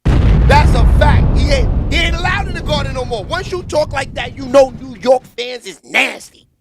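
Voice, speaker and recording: High-pitched excitable man hosting a vlog. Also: normal speed, noisy background. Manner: loud, excitable, slangy trash talk. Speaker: host. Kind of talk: casual commentary vlog.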